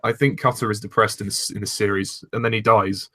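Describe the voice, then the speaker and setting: A young man chatting casually as a fan reviewer, relaxed and agreeable, steering the conversation. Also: fairly low pitch, brisk. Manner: relaxed, agreeable, leads the discussion. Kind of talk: casual chat.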